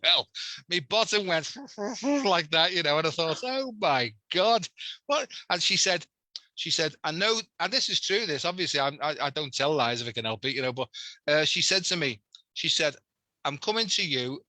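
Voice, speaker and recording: A Liverpool man speaks as a talk guest, telling a story in an animated, chatty way. His voice sits a little high and rings very bright. The recording is close and dry. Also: normal speed, dry recording, rough recording. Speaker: guest, healer. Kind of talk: casual chat.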